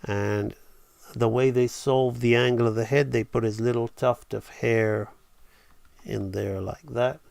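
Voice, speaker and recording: A man talks through his drawing on a live stream, enthusiastic and thinking aloud. His voice has a gravelly edge and an unhurried pace. The sound is close and dry. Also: mid-range voice, fairly even intonation, a little mellow, no echo. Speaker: animation teacher.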